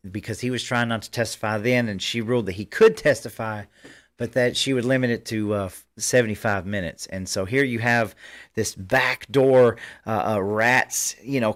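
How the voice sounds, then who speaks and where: A man's voice: medium pitch, fairly bright tone. A man hosting a political commentary livestream, talking fervently in rambling bursts with frequent restarts. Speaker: host.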